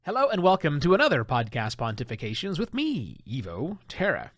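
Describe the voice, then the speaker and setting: Animated man hosting a podcast. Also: on the high side, brisk, faint music behind. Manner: animated, conversational, emphatic. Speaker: podcast host. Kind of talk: solo podcast commentary.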